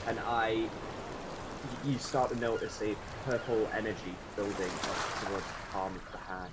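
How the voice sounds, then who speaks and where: A man playing a tabletop game, describing his character's actions in a measured way. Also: on the low side, steady tone, heavy background noise. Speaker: player.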